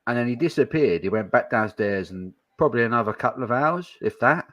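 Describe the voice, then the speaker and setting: A man's voice: mid-range voice, lively intonation, a little fast, muffled recording. A man casually hosting a pub-style live stream, chatting easily and reading out viewer comments. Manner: easygoing, chatty, banters with viewers. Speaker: stand-in live stream host.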